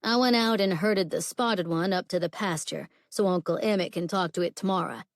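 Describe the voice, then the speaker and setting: An easygoing young cowboy who speaks in a slow, deep Southern drawl, voiced lightly by a woman reading a romance audiobook. He is heard close to the mic in a dry, quiet room. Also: no echo. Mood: relaxed.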